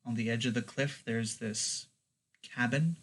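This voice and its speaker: Slow-talking guy running a tabletop game, lots of ums and likes, halting. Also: mid-range voice, fairly even intonation, a bit bright. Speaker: game master.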